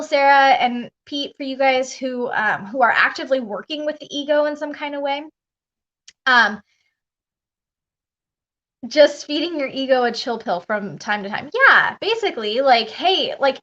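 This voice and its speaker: A woman with a fairly high voice talks casually on a live stream as a spiritual coach. She rambles, circles back on her thoughts and laughs easily. The audio is dull and lo-fi, like a live stream. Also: fairly bright tone. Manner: chatty, rambling, laughs often.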